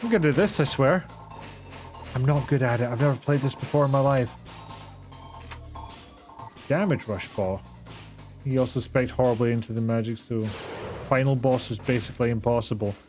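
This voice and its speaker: A man's voice: mid-range voice, moderate pace, pauses often, darkish tone, soft background music. A young man streaming gameplay with casual, sarcastic, swear-filled commentary and self-mocking asides. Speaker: game streamer.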